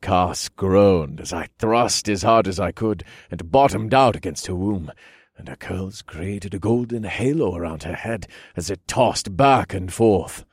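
A man narrating a first-person erotic story in a low, breathy, intimate way. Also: a little slow, no room sound, studio quality.

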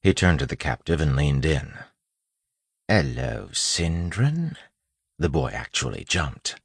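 A man reading an audiobook narration in a measured way. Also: very deep voice, slightly rough, no room sound.

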